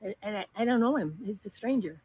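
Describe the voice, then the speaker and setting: A middle-aged woman telling a personal story in an earnest, halting way, often restarting her sentences. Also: medium pitch, lively intonation, a little mellow, slightly rough, dry recording, low-quality recording.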